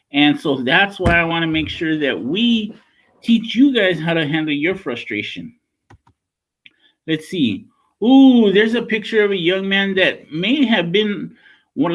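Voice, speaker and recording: A man's voice: sits high, fairly bright tone. A man working as a school counselor, talking a class of children through a lesson in a conversational way and checking in often with "right?" and "okay?".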